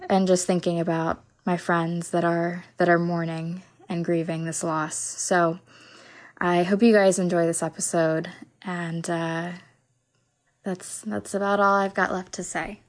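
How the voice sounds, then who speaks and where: A woman hosting a podcast in a casual, rambling, self-mocking way, tired after a night without sleep, recorded at a venue during sound check. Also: lowish voice. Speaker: podcast host.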